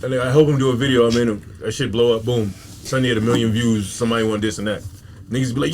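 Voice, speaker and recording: A man's voice: medium pitch, rapid-fire, a little mellow, slight background noise. A man, a comedian, talking emphatically with heavy slang and profanity in a casual podcast chat.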